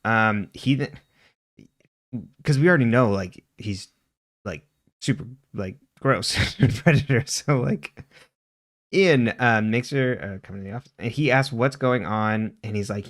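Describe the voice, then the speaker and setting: A man's voice: on the low side, animated, normal speed. A man co-hosting a podcast, casually retelling TV episode scenes and quoting the characters with frequent laughs. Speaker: podcast co-host. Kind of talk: casual recap chat.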